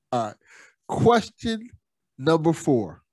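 Male podcast host, high-pitched and animated; casual, reads off numbered questions. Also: slow. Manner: laughs along, asks questions from a list.

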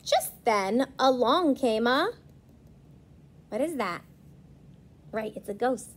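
A woman's voice: a little high, husky. A woman reading a picture book aloud to young children as a preschool teacher, asking them questions as she goes. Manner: slow, lively storytelling, asking children questions.

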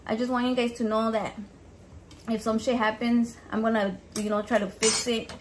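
With a bit of hiss or hum in the audio, a woman speaks at normal speed in a voice on the high side while cooking. She's a home cook vlogger of Mexican heritage whose relaxed chat is animated, peppered with curses, and sprinkled with Spanish.

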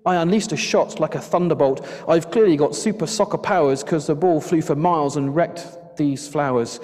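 A man's voice: a little high, lively intonation, moderate pace, darkish tone, faint music behind. A man voicing a cheeky young boy in a children's storybook reading, stammering and pleading as he owns up. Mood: remorseful. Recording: long church reverb.

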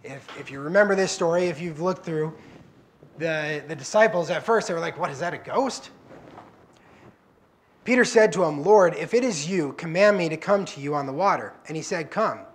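A man's voice: a little high, normal speed. Conversational man preaching a sermon. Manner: conversational, acts out quoted prayers and dialogue. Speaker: guest preacher. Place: church.

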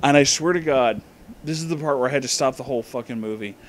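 A drunk man hosting a comedic movie review, ranting with heavy profanity and loud outbursts. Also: medium pitch, quick pace, a little hiss or hum.

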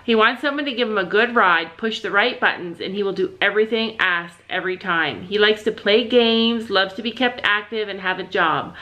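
A woman's voice: mid-range voice, normal speed, hardly any pauses, pushed and bright, lo-fi sound. A woman chatting casually in a family vlog, talking to viewers and her pet bird. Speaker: family vlogger. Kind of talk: casual vlog chat to camera.

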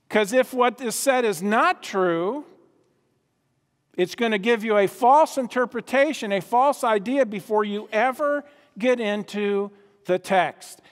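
A man with a fairly high voice preaches a sermon, leaning hard on key words and often repeating himself. He keeps checking in with the listeners with questions. The recording carries a long hall reverb. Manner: emphatic, repeats himself, asks the audience questions.

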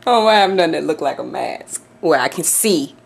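A woman's voice: low voice, vocal fry. A woman vlogging to camera from her home office, swearing, laughing nervously and shrieking in fear. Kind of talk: casual vlog to camera.

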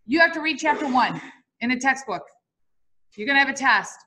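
A middle-aged woman lectures a class, her voice high and bright. She moves around and tells stories with lively energy, and keeps asking the students questions. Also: brisk. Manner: lively, bouncy, quizzes the audience. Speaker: teacher.

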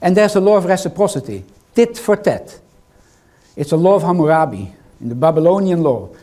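An older lecturer with a foreign accent speaks in a hall, teasing the crowd and firing questions at them. His voice is a little high and dark in tone, very animated, and brisk.

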